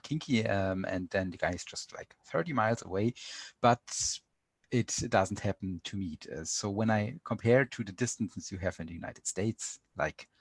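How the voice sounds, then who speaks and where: German guy on a podcast, slightly low voice, lots of ums and restarts, dead dry recording. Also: normal speed, husky, no room sound. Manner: hesitant, many fillers and restarts. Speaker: podcast guest. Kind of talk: casual interview chat.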